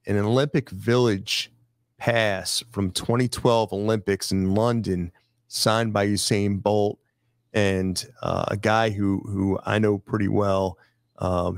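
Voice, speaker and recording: A man hosting a casual studio chat, brisk and jokey as he runs through a list of items. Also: fairly low pitch, gravelly, no room sound. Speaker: host. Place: studio filled with sports memorabilia.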